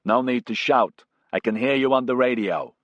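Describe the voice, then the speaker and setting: A man voicing a brash, loud American pilot. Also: mid-range voice, moderate pace, no echo, muffled recording, pitched above the performer's own voice, close to an everyday voice. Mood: joshing. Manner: teasing, loud. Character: brash joking male American helicopter pilot.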